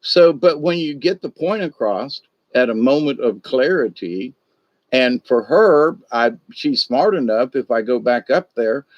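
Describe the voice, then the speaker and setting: An older man hosts a livestream, spinning a folksy, meandering story full of asides. His medium-pitched voice is animated and unhurried, and the dry, dull lo-fi recording has no echo.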